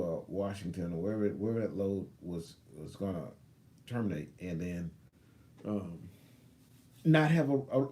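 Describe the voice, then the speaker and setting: A man in his fifties tells a long workplace story in a low voice, casually acting out each person's lines. His tone is mellow and relaxed, and he often stops to back up and start over. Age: 50s. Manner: rambling, backtracks and restarts, acts out both sides of a story. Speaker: truck driver vlogger. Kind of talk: casual storytelling on a live stream.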